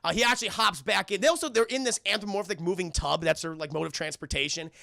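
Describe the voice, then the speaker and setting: A man casually retelling a film to a live chat, animated, crude, and joking. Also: high voice, fast talker, gravelly, no room sound, studio quality. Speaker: streamer reviewing a film.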